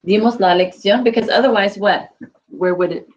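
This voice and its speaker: A woman's voice: medium pitch, moderate pace, lo-fi sound. A woman teaching a Spanish class, patiently quizzing students and repeating their answers.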